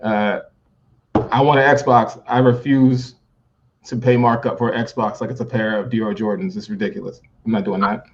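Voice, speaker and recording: A man's voice: fairly low pitch, steady tone, moderate pace, a little hiss or hum. A man from New Jersey, a podcast guest chatting casually and laughing often between his remarks. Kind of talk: casual chat. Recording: dull lo-fi audio.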